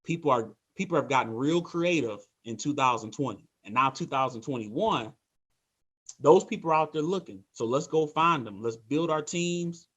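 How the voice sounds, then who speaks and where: Male team leader, motivational training talk, energetic, repetitive coaching delivery. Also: medium pitch, normal speed, breathy edge. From Michigan, USA.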